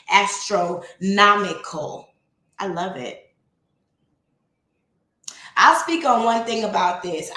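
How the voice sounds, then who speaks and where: Woman host, casual livestream reader, chatty and quick to laugh, roomy echo on the voice. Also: mid-range voice, a bit bright. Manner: chatty, laughs often, reads poetry slowly. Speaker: livestream host reading aloud. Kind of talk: casual livestream reading and chat.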